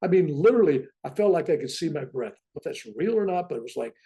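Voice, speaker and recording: A man in his seventies, a podcast guest telling a personal story in an animated, wry conversational way. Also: on the high side, fast. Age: 70s.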